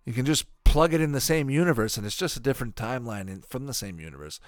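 A man's voice: medium pitch, animated, quick pace, no echo, studio quality. A man giving casual, rambling watch-along commentary on an old cartoon, profane and offhand with mocking asides. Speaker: cartoon reviewer.

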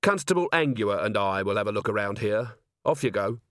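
A gruff, weary middle-aged commander, as a male narrator puts him on, terse and commanding with a lively pitch. The storybook reading is dry and close. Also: fairly quick, dry recording.

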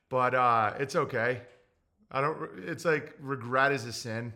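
A man in his forties, hosting a livestream, talking in a halting, emotional way, tearful, with many fillers and blunt profanity. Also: medium pitch, pushed and bright. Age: 40s. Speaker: livestream host. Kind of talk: casual livestream talk reading chat.

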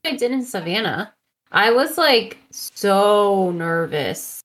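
Animated woman in casual chat. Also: mid-range voice, slow pace. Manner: animated, swears, acts out quotes.

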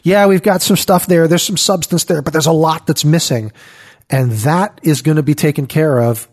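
A man's voice: on the high side, normal speed, a little mellow. A man co-hosting a Christian podcast, reflective and encouraging. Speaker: podcast co-host. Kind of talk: casual devotional podcast talk.

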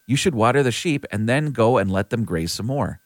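Brief: man doing earnest young Jacob, animated rises in pitch, dry close sound. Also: fairly quick, no echo, natural voice.

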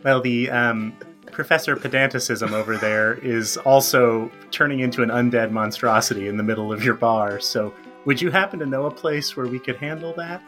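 Bright-voiced man playing a tabletop game. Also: mid-range voice, normal speed, soft background music. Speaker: player. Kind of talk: casual tabletop game chat.

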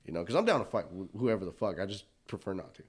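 Low-voiced man telling a rowdy story. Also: fast, husky. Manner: profane, animated storyteller acting out quotes. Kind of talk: casual chat, storytelling.

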